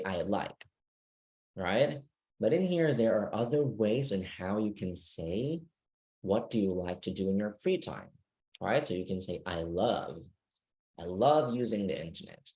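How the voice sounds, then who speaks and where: A man's voice: on the low side, warm tone. A man teaching an online English speaking class, patient and checking that students understand.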